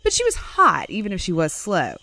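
Woman with a lively, swooping storytelling voice. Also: medium pitch, a little fast, vocal fry, poor audio. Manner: wry, irreverent asides. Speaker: podcast host. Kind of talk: comedic folklore storytelling.

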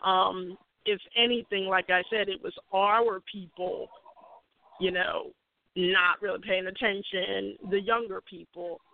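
A woman's voice: mid-range voice, steady tone, measured pace, gravelly, dry recording. A woman, an educator and co-host, talking in a reflective way with many fillers. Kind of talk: casual chat. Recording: tinny phone-line sound.

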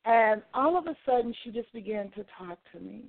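Radio talk host, woman, expressive storyteller, slightly high, tinny phone-band sound. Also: a little fast, gravelly, no room sound. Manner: expressive, animated storytelling with emphatic repetition.

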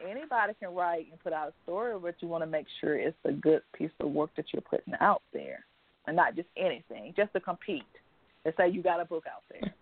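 A woman from Georgia with a Southern accent, a guest author chatting and laughing often. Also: on the low side. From Georgia, USA. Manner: animated, laughs often, drawn-out speech. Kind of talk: casual chat on a video call show. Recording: tinny phone-like line.

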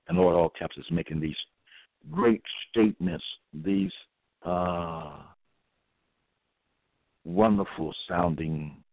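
A man giving a scripture-reading monologue as a religious podcaster, reading verses slowly and solemnly and pausing often with fillers. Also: low voice, creaky, dry recording. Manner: halting, with many pauses and fillers. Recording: dry, tinny phone-like audio.

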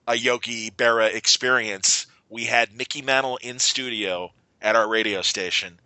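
A man's voice: medium pitch, steady tone, moderate pace, sharp tone, no echo, rough recording. A man hosting a podcast, telling rambling stories in casual chat with lots of restarts. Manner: rambling storyteller with many restarts and fillers. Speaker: podcast host.

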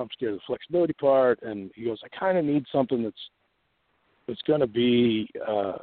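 A man's voice: medium pitch, dry recording. Rambling man on a tinny phone line. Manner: rambling, many restarts and laughs. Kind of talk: casual phone chat.

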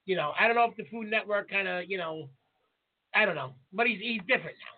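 A man's voice: high voice, fast talker. A man co-hosting a casual podcast, blunt and profane as he tells brash stories about other chefs. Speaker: podcast co-host, chef. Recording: tinny phone line with faint noise.

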